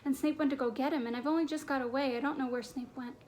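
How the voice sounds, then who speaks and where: Brisk clever schoolgirl witch, earnest, high-pitched lady reading her. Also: steady tone, a little mellow, a little hiss or hum, natural voice.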